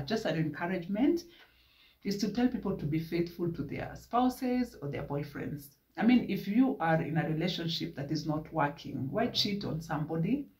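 A man with a Kenyan accent telling a story casually in a vlog, slipping in Swahili words as he goes. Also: fairly high pitch. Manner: animated retelling with Swahili asides. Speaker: vlogger. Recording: echoey room from a distance.

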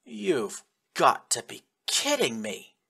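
A man's voice: mid-range voice, huge pitch swings, slow, gravelly, bright, forceful tone, breathy edge, full character voice. A man reading aloud, voicing a young male adventurer who talks in an urgent, direct way.

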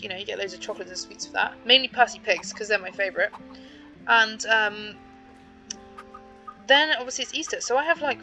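A woman's voice: fairly high pitch, bright, forceful tone, poor audio. A young British woman giving chatty, giggly commentary to her viewers as she plays a horse game. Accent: British English. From Britain. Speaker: gaming YouTuber. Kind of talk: casual gameplay commentary.

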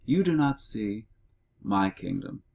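Older-ish guy teaching grammar real slow and methodical, deep-ish voice. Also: big pitch swings, creaky, warm tone. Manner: methodical explaining, reading words slowly. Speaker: Greek teacher. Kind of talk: recorded language lesson walkthrough.

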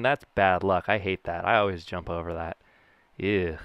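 A man's voice: low-pitched, fairly even intonation, moderate pace, fairly bright tone, smooth, no echo. A young man casually commentating his own baseball video game play, goofy and rambling with jokey asides. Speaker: gaming YouTuber.

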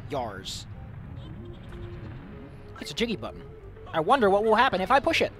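Male streamer, self-mocking jokester, sudden loud outbursts, slightly high voice. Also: wildly swooping pitch, very fast. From Netherlands. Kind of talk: casual gameplay commentary. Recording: game music playing behind.

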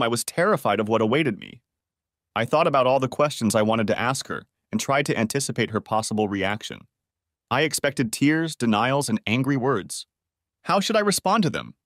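A man's voice: mid-range voice, a bit bright, dry recording, clean studio sound. A man narrating a first-person audiobook story in a dramatic, emotive reading.

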